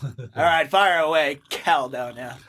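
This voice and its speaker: A man's voice: a little high, measured pace, fairly bright tone. A man playing in a tabletop game, joking around casually and laughing easily. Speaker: player.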